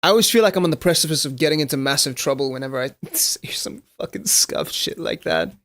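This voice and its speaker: A young South African man with a squeaky voice, chatting excitably to viewers and swearing casually during live gameplay commentary. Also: quick pace, no room sound, clean studio sound. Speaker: game streamer.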